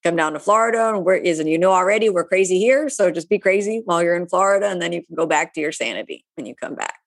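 A woman who teaches yoga answers viewer questions live online, speaking fast in a lowish voice. Her manner is relaxed and chatty, full of asides.

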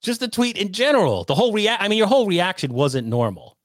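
A man's voice: sits high, big pitch swings, fast talker, no room sound, clean studio sound. A man hosting a live stream, casually questioning his guest and reading out viewer comments, with many fillers.

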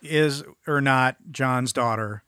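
A man's voice: medium pitch, takes it slowly, sharp tone, smooth, no room sound, studio quality. A man co-hosting a podcast, chatting casually about a film in a rambling, jokey way. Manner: rambling, jokey, self-interrupting. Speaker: podcast co-host.

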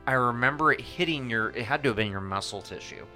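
A woman's voice: very deep voice, fast talker, bright, forceful tone, faint music behind. A woman co-hosting a podcast who chats casually and acts out quotes with animation. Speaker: podcast co-host. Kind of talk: casual chat.

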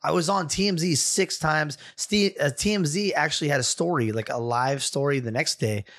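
An energetic man hosting a casual talk show. His voice sits a little high. He tells animated stories and acts out every line of dialogue with gusto. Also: moderate pace. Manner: excitable, energetic, acts out other people's lines. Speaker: barber and show host.

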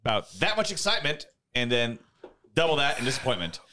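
A man's voice: medium pitch, big pitch swings, fast, sharp tone, slight background noise. A man co-hosting a casual podcast, wry and teasing. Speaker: podcast co-host. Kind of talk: casual chat.

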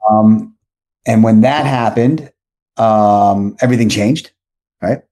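A man's voice: lowish voice, takes it slowly, warm tone. A man in his forties from South Florida, a podcast guest telling a long story casually, rambling and correcting himself as he goes.

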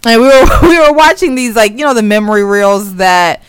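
Una mujer que conversa de forma casual, contando una historia con animación y soltando risitas mientras habla. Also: female voice, fairly high pitch, a little fast, smooth. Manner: giggly, keeps chuckling while she talks; animated storyteller. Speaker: podcast co-host. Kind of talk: casual chat.

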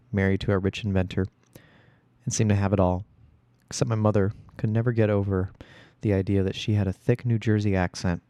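A man reading a first-person story aloud in a steady storytelling voice. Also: fairly low pitch, no room sound. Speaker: audiobook reader.

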